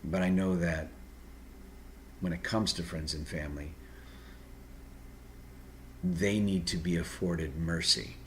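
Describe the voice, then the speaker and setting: Low-voiced male host, unscripted and direct, earnest advice with halting restarts; slight background noise. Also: steady tone. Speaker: video host giving personality-type advice.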